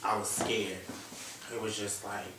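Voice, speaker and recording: Guy talking kinda halting, lowish voice, echoey room, mic far away. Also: flat delivery. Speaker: guest. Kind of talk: casual chat. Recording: echoey room, distant mic, faint noise.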